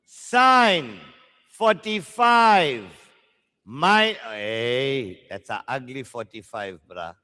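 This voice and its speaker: A man's voice: mid-range voice, expressive, extremely slow, sharp tone, long reverb tail. A South African man teaching maths at a live exam workshop, joking with learners in slangy banter.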